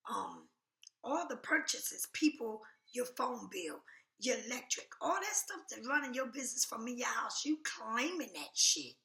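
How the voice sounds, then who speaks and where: A woman's voice: on the high side, big pitch swings, normal speed, creaky, pushed and bright, echoey room. A woman doing a casual tarot reading, talking bluntly and emphatically, now and then dropping to a whisper. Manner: blunt, emphatic, repeats "do you understand". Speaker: tarot reader.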